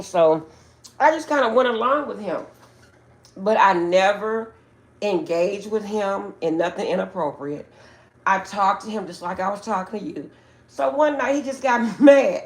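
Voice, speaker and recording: Husky older woman chatting on a livestream. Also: mid-range voice. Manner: chatty, animated storytelling, drawn-out asides. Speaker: livestream host. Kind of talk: casual livestream chat. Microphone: phone.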